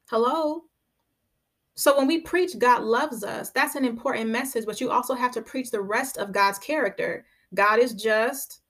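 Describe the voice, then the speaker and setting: A woman with a fairly high, slightly bright voice speaks at a moderate pace while hosting a podcast of conversational Bible teaching. Emphatic throughout, she drives her points home by repeating key phrases and frequently asks "right?"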